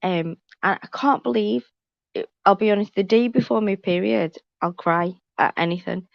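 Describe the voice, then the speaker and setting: A woman's voice: mid-range voice, normal speed, vocal fry, no room sound. A woman chatting on a live stream panel, blunt and emphatic, repeating points for weight. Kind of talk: casual chat, storytelling. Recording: dull lo-fi stream audio.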